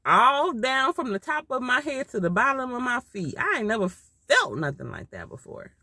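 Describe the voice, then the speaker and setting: Heartfelt woman telling a story, lively pitch. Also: normal speed, no room sound. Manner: emotional, heartfelt, repetitive. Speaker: mother telling a personal story. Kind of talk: casual storytime.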